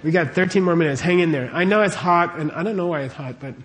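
Speaking fast with a voice on the high side and a fairly bright tone, a man offers an easygoing Buddhist teaching to a live audience in a warm room. He chats with them, asks frequent questions, and checks in with "okay?" and "right?"

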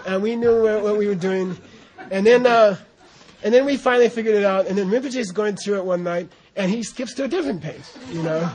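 An American man giving an informal Buddhist teaching, rambling and animated, often laughing and saying "you know". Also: high voice. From United States. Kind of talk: informal dharma talk.

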